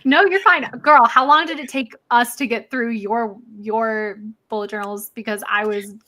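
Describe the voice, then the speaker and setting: Chatty woman streamer, high voice. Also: fairly even intonation, moderate pace, pushed and bright. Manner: chatty, reads viewer comments aloud. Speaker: livestream host. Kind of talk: casual chat on a livestream.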